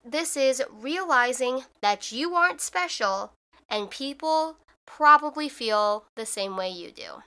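A woman's voice: high voice, lively intonation, slow pace, pushed and bright, smooth. A young woman hosting her own podcast, talking in a chatty, reflective way with lots of fillers. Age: young adult. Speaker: podcast host. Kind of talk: casual solo podcast talk.

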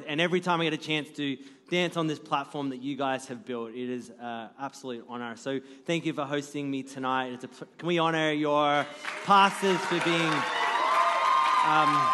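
A man in his thirties preaches a sermon from a church stage as a guest pastor, telling jokey, self-deprecating stories about his family. His voice is fairly high and fairly bright, with a big-room sound.

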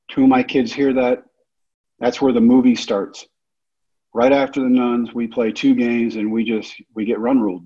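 Man telling a story, husky. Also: mid-range voice, dull audio. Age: 30s. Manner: animated storyteller who acts out the other people's lines. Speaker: speaker telling his life story. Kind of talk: storytelling talk.

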